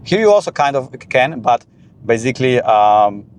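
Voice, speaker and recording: Man talking in a car, quick and animated. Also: medium pitch, slight background noise. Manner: animated, frequent restarts and "you know". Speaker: podcast guest. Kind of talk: casual conversation.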